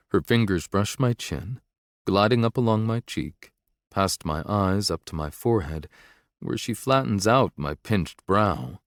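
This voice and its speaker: A man's voice: fairly low pitch, lively intonation, unhurried, no room sound, clean studio sound. A man narrating a romance audiobook in the first person, intense and brooding.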